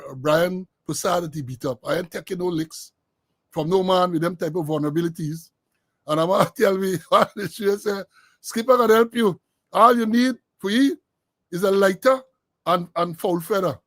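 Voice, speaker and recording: An older man with a Caribbean English accent and a high voice hosts an online talk show, joking and laughing as he tells a long story in casual commentary. The recording is dry.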